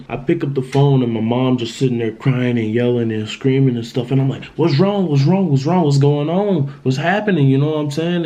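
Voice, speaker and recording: On his vlog, a young man rambles through a personal story, repeating himself and looping back, often adding "you know what I'm saying." His voice is mid-range and a little mellow. The highs are cut off.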